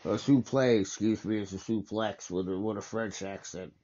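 A man's voice: lowish voice, flat delivery, normal speed, mellow, muffled recording. A man hosting a casual wrestling watch-along, talking in a rambling, enthusiastic way with lots of fillers and restarts.

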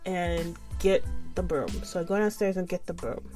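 A woman's voice: fairly low pitch, normal speed, soft background music. A young adult woman telling a frustrated storytime, swearing freely and laughing often. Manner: profane, animated, laughs often. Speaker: vlogger. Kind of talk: casual storytime monologue.

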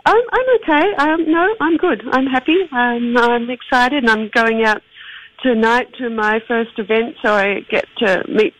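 Australian woman, author guest; casual, halting delivery full of ums; dry studio sound. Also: fairly high pitch, fairly bright tone, dry recording, rough recording. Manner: chatty, hesitant with many ums, laughs easily. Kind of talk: casual interview chat.

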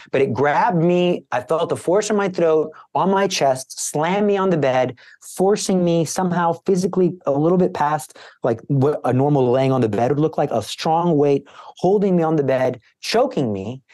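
A man's voice: fairly high pitch, lively intonation, normal speed, a little mellow. Man giving an earnest emotional testimony. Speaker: guest, Catholic evangelist. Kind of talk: personal conversion testimony.

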